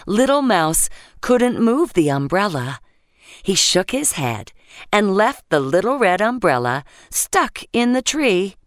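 A woman narrating a children's bedtime story gently and expressively, voicing the sound effects. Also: mid-range voice, big pitch swings, slow, no room sound, clean studio sound.

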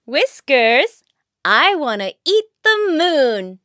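A woman's voice: sits high, very animated, takes it slowly, bright, forceful tone, no echo, studio quality, heavily acted. A woman voicing a stubborn, childish young mother in a children's cartoon, whining and pleading. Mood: whiny.

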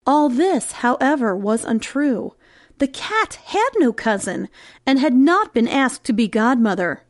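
A woman narrating a fairy tale in an expressive, sing-song storytelling manner. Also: high voice, a little slow, no room sound, studio quality.

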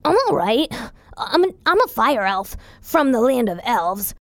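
A high, gravelly little fire elf boy, as a woman plays him in a children's audio story, proud and sure of himself. His lines come slow and lively in pitch, recorded close and dry. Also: no room sound. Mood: confident. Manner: confident, a bit boastful. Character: cocky small male fire elf, wise and proud.

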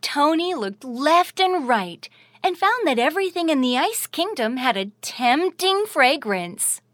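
A woman narrates a children's audio story in a sing-song, expressive manner. Her voice sits high and moves in lively, wide swings of pitch, and she paces her words slowly and deliberately, recorded dry and close. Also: no echo.

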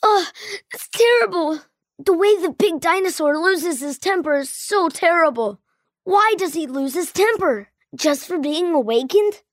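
A sulky young prince, as a woman puts him on, whines in a very high, squeaky voice. He speaks slowly, and the recording is dry and close. It sounds like a children's storybook. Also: expressive, dry recording. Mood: fretful. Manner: whiny, sulky. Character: bad-tempered young male prince, whiny.

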